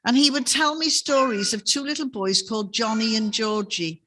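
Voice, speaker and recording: A woman's voice: on the high side, normal speed, a bit bright. A woman giving a sermon in a chapel, telling stories in a conversational way and often ending on tag questions. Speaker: preacher.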